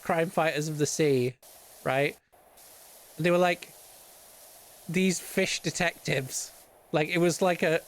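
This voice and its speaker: A British man streaming casual chat, rambling and swearing often between laughs. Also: on the high side.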